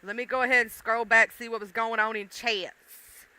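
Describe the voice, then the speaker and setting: A woman's voice: fairly high pitch, fairly even intonation, normal speed, sharp tone. A middle-aged woman hosting a livestream, chatting bluntly and profanely with her viewers. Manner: blunt, profane, talks straight to chat. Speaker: livestream host. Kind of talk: casual chat with live viewers.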